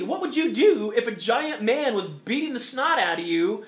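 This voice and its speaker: A man's voice: extremely high pitch, very animated, moderate pace. Emphatic man in an echoey room. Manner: emphatic, repetitive, mocking quoted voices. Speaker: host. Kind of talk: opinion monologue.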